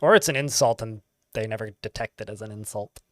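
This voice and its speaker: A man's voice: on the low side, brisk, dry recording, soft background music. A man chatting casually while livestreaming a game, rambling with lots of filler words. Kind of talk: casual live gameplay chat.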